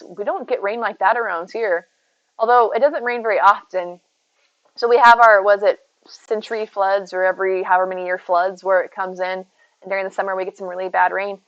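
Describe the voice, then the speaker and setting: A woman's voice: mid-range voice, no room sound, muffled recording. A woman streaming from home, chatting casually and rambling to her viewers, reading and answering their messages by name. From United States. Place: home, indoors.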